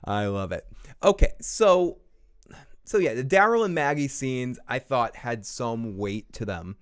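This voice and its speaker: A man's voice: medium pitch, expressive, a little slow, clear, resonant tone. A man hosting a casual live review show, rambling and swearing, laughing between points. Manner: rambling, profane, laughs often. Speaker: show host. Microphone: small recorder on the desk.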